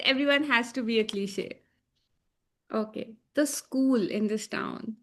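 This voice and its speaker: A woman co-host in the middle of a casual review chat. Her voice sits high and sounds bright and tense, and she talks emphatically, with heavy sarcasm and free swearing.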